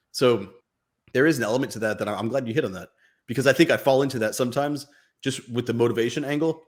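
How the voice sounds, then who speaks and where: A man co-hosting a casual podcast, reflecting in an animated way on contentment and growth and laughing easily. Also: on the low side. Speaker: podcast co-host. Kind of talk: casual chat.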